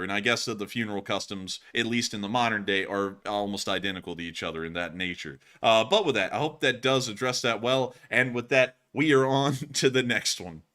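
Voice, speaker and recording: A man hosts a casual livestream, answering viewer messages in a rambling way. He keeps repeating his thank-yous and stock sign-off phrases. His voice sits at an average pitch. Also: fairly bright tone. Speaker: livestream news host.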